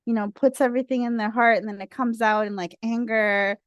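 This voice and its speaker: Talkative, expressive woman from India. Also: on the high side, a little fast, no echo. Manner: talkative, expressive, easily sidetracked. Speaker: guest speaker. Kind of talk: casual discussion.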